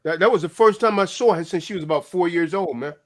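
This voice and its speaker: High-voiced man ranting bluntly. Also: fast talker, fairly bright tone. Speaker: host. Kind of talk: casual chat.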